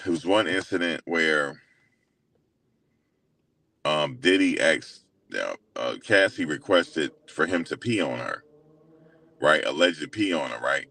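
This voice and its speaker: A young man hosting his own channel, retelling a story in a loose, slangy way full of fillers, animated and incredulous as he quotes others. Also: a bass voice, takes it slowly, long pauses. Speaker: host. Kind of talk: casual storytelling recap.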